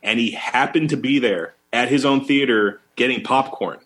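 A man's voice: medium pitch, normal speed. A man in his thirties co-hosting a casual chat, telling an anecdote and acting out the quoted voices. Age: 30s. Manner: animated storyteller, acts out quotes. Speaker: podcast co-host.

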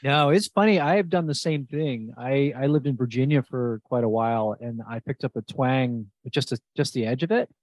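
A man's voice: medium pitch, moderate pace, hardly any pauses, a little mellow, dry recording. A man from New Jersey hosting a podcast, chatting enthusiastically with his guest and often restarting his sentences. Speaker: podcast host. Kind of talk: casual interview chat.

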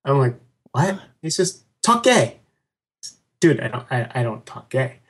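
A middle-aged man speaks as a guest in a casual interview, with a voice of ordinary pitch. He tells his story with animation, chuckling often and slipping into other people's voices as he quotes them. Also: unhurried. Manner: animated, laughing storyteller who acts out quotes. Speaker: podcast guest.

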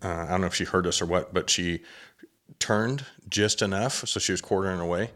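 Deep-voiced guy chatting on a podcast, animated storyteller, gets excited telling it. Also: brisk. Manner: lively storyteller, gets worked up telling a hunt. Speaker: guest, hunter and drinkware entrepreneur. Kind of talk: casual podcast conversation.

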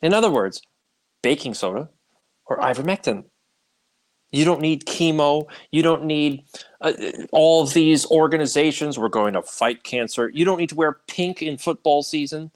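A man co-hosting a casual talk radio show, animated and teasing, laughing often. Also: fairly high pitch, moderate pace. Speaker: co-host.

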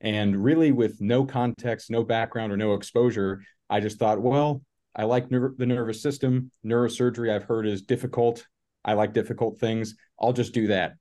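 Young male guest, low warm voice, dry and measured. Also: steady tone. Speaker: guest, neurosurgery resident. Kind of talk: relaxed podcast chat.

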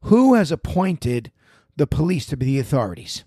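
A man, apparently a pastor, giving emphatic religious commentary, reading scripture aloud and teaching through quick questions. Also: fairly high pitch, very animated, mellow, slightly rough, no echo, studio quality.

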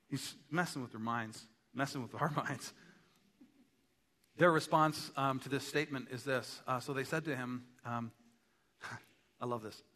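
A man preaching a sermon as pastor, animated and emphatic, acting out quotes. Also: mid-range voice, big-room sound.

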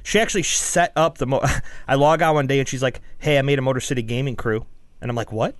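A male podcast co-host chatting casually about games, telling quick stories and reading listener questions aloud. His voice is dry and close, with no room echo. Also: medium pitch.

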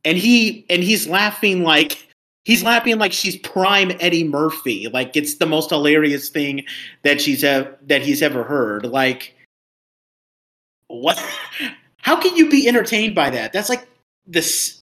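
Bright-voiced man ranting on a podcast. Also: medium pitch, slow. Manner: ranting, exasperated. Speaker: podcast co-host. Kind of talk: casual review chat.

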